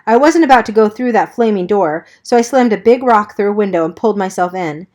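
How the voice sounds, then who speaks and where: Woman narrator, mid pitch, plain storybook reading. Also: expressive, brisk, a little mellow. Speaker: audiobook reader. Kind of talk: first-person novel narration.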